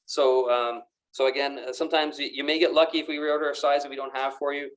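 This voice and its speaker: A fast-talking man with a medium, level voice presents golf clothing to the camera in a pro shop. He's chatty and enthusiastic, frequently repeating himself during this casual product demonstration, and the camera mic shifts as he moves about the room.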